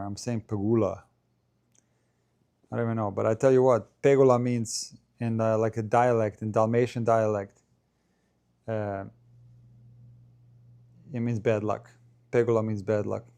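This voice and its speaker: A man hosts a casual live stream, calling a tennis match shot by shot. His voice is mellow and warm, and his chatty delivery lifts at the big points. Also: fairly low pitch, moderate pace, pauses often. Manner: chatty play-by-play, rising in excitement at big points. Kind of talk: casual live watchalong commentary.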